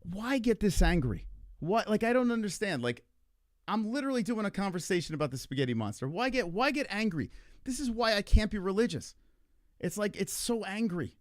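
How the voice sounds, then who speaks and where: A young man hosts a casual livestream chat in a high, brisk voice with big pitch swings, rambling and exasperated as he swears often and asks why everyone gets so angry. He's a podcast host, and the sound is studio quality with no echo.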